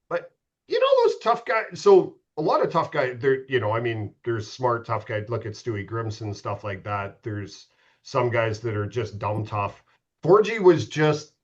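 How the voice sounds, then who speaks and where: This podcast guest, a middle-aged former hockey goalie, has a fairly high voice, and the recording cuts off the highs. Chatting casually, he tells profane stories, laughing along and often starting over mid-thought.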